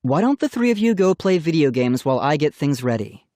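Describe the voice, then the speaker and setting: A man doing a calm, firm mother. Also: fairly high pitch, a little fast, dry recording, clean studio sound, voice pushed up. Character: patient middle-aged mother, gently scolding. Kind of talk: audiobook character voice.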